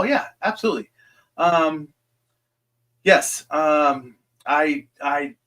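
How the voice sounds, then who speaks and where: A man hosting a live viewer Q&A, his voice sitting a bit higher than most men's. He talks in a loose, rambling way, pausing on "um" a lot while reassuring each person directly. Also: a bit bright. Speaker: host answering viewer questions. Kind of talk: live Q&A stream.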